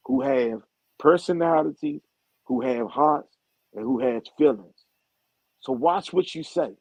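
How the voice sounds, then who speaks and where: A man hosts a live group talk over a video call, laying things down bluntly and swearing freely. His voice sits a little high but sounds dark and mellow. The audio is dry and muffled, like a low-fi stream. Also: creaky, slightly rough, dry recording. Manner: blunt, profane, emphatic. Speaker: group admin and host.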